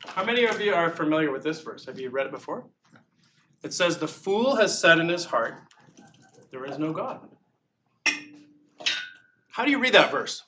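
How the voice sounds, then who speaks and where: A man's voice: a little high, sing-song, normal speed, long pauses. A man giving a live philosophy lecture to students, joking and asking the audience questions. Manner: jokey, engaging, asks the audience questions. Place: lecture room. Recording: distant mic with faint noise.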